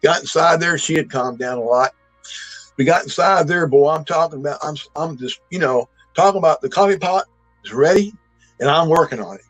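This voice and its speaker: The recording is rough and echo-free, with faint music in the background, as a man in his 60s speaks a little fast in a voice on the high side. He rambles folksily through a true encounter he witnessed, restarting often and breaking into emphatic bursts.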